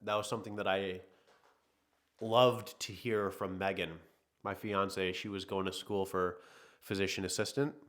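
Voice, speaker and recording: Low-voiced man hosting a loose livestream chat. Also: flat delivery, measured pace, a bit bright. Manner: rambling, loose and thinking aloud, often hedging. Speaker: podcast host reading live chat.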